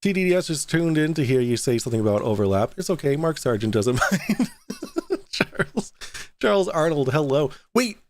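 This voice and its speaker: A man's voice: a little high, big pitch swings, moderate pace. A young adult man hosting a casual livestream, chatting loosely, reading out viewer donations and swearing now and then. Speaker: livestream host.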